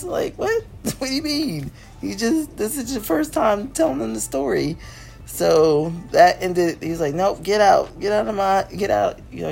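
Gravelly woman, laughing recap host. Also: on the low side. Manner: animated, laughs often, acts out characters' lines. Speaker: podcast host reviewing a cartoon episode. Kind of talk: casual recap chat.

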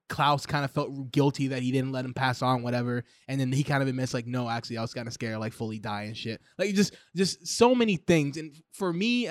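A young man in casual podcast chat, excited and profane, rambling with lots of "like"s. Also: fairly high pitch, no echo, studio quality. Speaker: podcast co-host. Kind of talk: casual chat reviewing a show.

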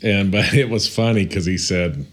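A man co-hosting a casual podcast, talking in a relaxed, drawling way. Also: low-pitched, moderate pace. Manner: relaxed, drawling, laughs easily. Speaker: podcast co-host.

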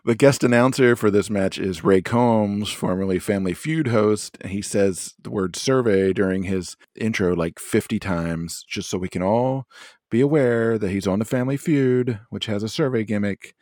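A man's voice: on the low side, moderate pace, a little mellow, dry recording, studio quality. A man co-hosting a wrestling podcast, chatting casually in a wry, rambling way with fillers. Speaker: podcast co-host. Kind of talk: casual chat.

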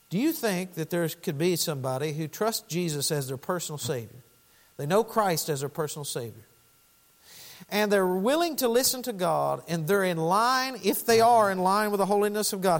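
A pastor preaching a sermon with fervour, dropping to quiet pleading and then rising to loud urgency. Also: male voice, high-pitched. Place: church sanctuary. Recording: long church hall reverb.

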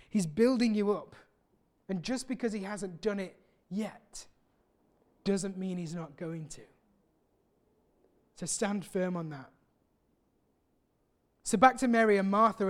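A man preaching a sermon, earnest and personal, often pausing and restarting his sentences. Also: high voice, darkish tone. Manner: earnest, with many pauses and restarts.

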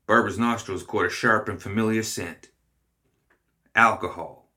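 A man reading a story aloud as narrator, in a measured, expressive way. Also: lowish voice. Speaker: reader.

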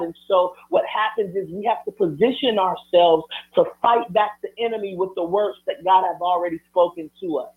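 A man's voice: high-pitched, steady tone, brisk, few pauses. A man preaching a sermon, driving his points home with repeated, building refrains. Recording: tinny phone-like broadcast sound.

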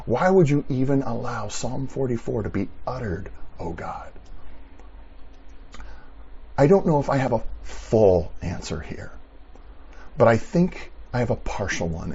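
A man's voice: mid-range voice, a little mellow, husky. A man preaching a sermon as a pastor, speaking passionately with repeated rhetorical questions and personal confession. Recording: muffled lo-fi recording.

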